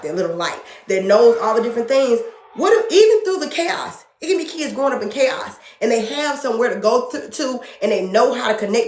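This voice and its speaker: A woman's voice: medium pitch, a little mellow, roomy sound. A woman speaking as a podcast guest in an earnest, emotional way, often repeating phrases for emphasis. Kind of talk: passionate spiritual conversation.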